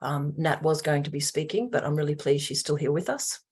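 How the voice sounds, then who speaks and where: An Australian woman with a low voice opens an online webinar as host. She speaks earnestly and formally, with plenty of ums and uhs along the way, heard over a video call. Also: a little fast, a little mellow, breathy edge.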